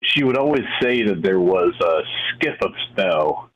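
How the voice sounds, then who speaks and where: A very deep-voiced American man hosts a casual talk and speaks haltingly, filling his sentences with "like". The recording is dull and lo-fi. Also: sing-song. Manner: halting, many fillers like "like". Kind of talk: casual conversation. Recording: dull lo-fi audio.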